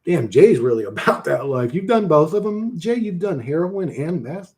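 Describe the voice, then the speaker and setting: A man's voice: a little high, very animated, moderate pace, darkish tone. A man hosting a casual livestream, reading chat and answering bluntly with lots of swearing and "bro.".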